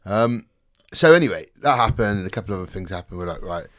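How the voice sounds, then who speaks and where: Man, casual storytelling, lots of swearing, lively swinging pitch. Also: quick pace. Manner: swears a lot, animated storytelling, laughs often. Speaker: podcast guest telling a story. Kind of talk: casual chat.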